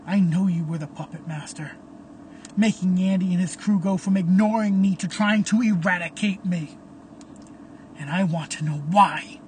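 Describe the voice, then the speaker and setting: A man's voice: high-pitched, moderate pace, slight background noise, lightly acted. A man voicing a vengeful young man turned killer, bitter and menacing, often in a harsh whisper. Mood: furious.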